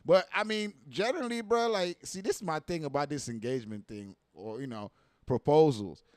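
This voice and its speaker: Slangy man with a fairly high voice. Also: normal speed, darkish tone, no echo. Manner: slangy, profane, full of rhetorical questions. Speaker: livestream host reacting to viral clips. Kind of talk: casual reaction commentary.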